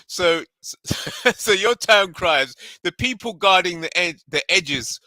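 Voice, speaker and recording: Guy hosting a chat panel, higher bright voice that jumps all over, laughs a lot, dry sound. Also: slow pace, dry recording, low-quality recording. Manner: animated, laughs often, acts out voices in retelling. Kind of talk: casual panel discussion.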